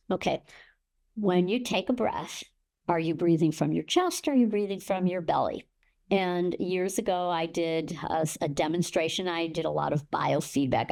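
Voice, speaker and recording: A woman's voice: fairly low pitch, creaky, a little mellow. An older woman as an interview guest, explaining panic and breathing, sometimes acting out gasps to show the pattern.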